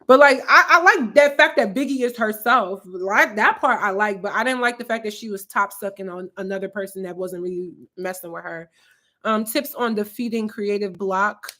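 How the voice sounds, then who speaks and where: Speaking at an ordinary pace in a medium-pitched, bright and forceful voice, this twenty-something woman from Philadelphia, USA runs a YouTube livestream in her apartment. She reads out comments from viewers and talks in a loose, rambling way, her speech packed with "um" and "like."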